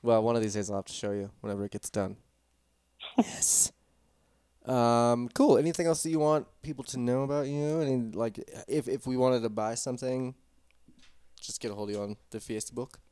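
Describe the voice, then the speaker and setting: A man's voice: mid-range voice, steady tone, moderate pace, dark tone, clear, resonant tone, no room sound. A man with an American accent hosting a casual podcast chat, playful and laughing often. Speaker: podcast host.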